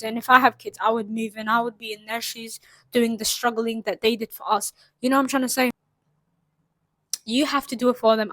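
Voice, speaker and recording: A woman's voice: fairly high pitch, fairly bright tone, no echo, poor audio. A young woman giving a rambling, earnest motivational talk straight to the camera, full of fillers and asides. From Saudi Arabia. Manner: earnest, rambling, lots of "like" and "you know what I'm trying to say". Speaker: vlogger. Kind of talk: casual motivational monologue.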